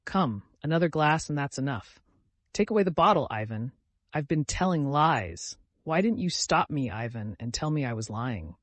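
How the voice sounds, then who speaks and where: A man's voice: on the high side, sing-song, moderate pace, fairly bright tone, no echo. A man voicing a drunken, lecherous old father who rambles and picks quarrels. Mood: drunken quarrelsome.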